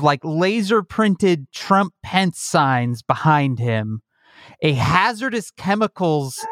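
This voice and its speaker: A man riffs on the news in a loose, joking way. His pitch swings widely as he mocks and drifts into silly impressions. The sound is dry and close. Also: dry recording. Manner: animated, mocking, breaks into silly shouted impressions. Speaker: podcast co-host. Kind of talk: casual political comedy chat.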